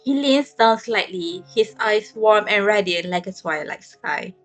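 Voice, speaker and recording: A woman calmly narrating a romance story in second person and reading the heroine's lines in a soft, even voice. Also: mid-range voice, unhurried, soft background music.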